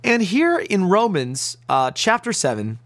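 A man's voice: high voice, wildly swooping pitch, measured pace, no echo. A man as a pastor preaching a radio sermon, earnest and emphatic, leaning on key words. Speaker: pastor and radio Bible teacher.

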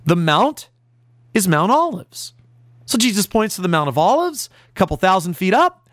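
A man's voice: sits high, sing-song, normal speed, fairly bright tone, dry recording, studio quality. A male pastor preaching a sermon, emphatic, building his points through repeated rhetorical lists.

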